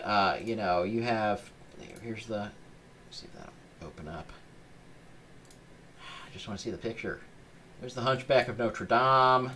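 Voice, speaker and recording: A man hosting a live-streamed podcast, talking casually in a halting, rambling way with lots of fillers. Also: mid-range voice. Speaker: podcast host.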